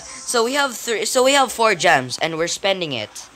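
A person giving casual gameplay commentary, excitable, with frequent startled exclamations, giggles and rambling restarts. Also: medium pitch, moderate pace, few pauses, a little hiss or hum.

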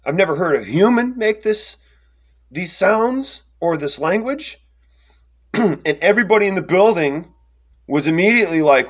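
A young man telling a personal story in a rambling, animated way, with lots of fillers and restarts, and acting out the quotes. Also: a little high, normal speed. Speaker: storyteller recounting an encounter. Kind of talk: casual first-person storytelling.

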